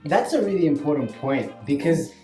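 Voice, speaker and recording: A man's voice: on the high side, animated, moderate pace, warm tone. Australian man, maths teacher hosting a chat, emphatic and earnest; echoey room, faint music. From Western Sydney, Australia. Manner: earnest, emphatic, asks "right?" often. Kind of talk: casual chat.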